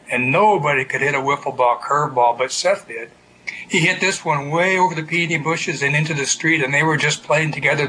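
Guy reading a story out loud, bright forceful voice, bit high, faint hiss behind. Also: poor audio. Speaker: narrator.

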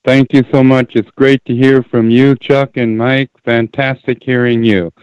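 Man, radio caller, slow, emphatic, repeats himself, mellow dark tone, dull lo-fi sound. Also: mid-range voice, little pitch movement, clear, resonant tone, no echo. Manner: deliberate, emphatic, repeats key phrases. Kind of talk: call-in radio commentary. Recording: dull lo-fi call audio.

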